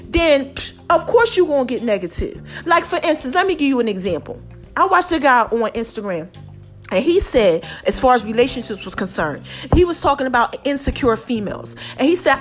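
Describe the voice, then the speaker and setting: A middle-aged woman, hosting her own podcast as a passionate, preachy motivational monologue addressed straight to listeners. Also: sits high. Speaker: podcast host.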